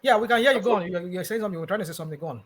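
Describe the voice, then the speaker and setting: A man hosting a panel discussion, cutting in with quick, challenging questions. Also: sits high, a crowd in the background. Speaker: host.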